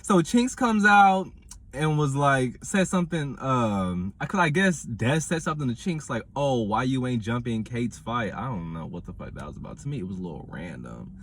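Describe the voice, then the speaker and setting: A man, reviewing a reality show in casual commentary with animated, dramatic retelling. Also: medium pitch, normal speed.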